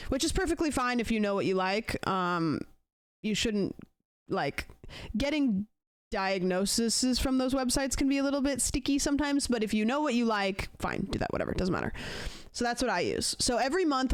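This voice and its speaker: A young woman streams from a dry, close-miked space, her voice smooth and clear. She rambles through a story for her chat, casual and animated, putting on quick voices for the people she quotes. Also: medium pitch, dry recording. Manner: chatty, animated retelling with acted-out quotes.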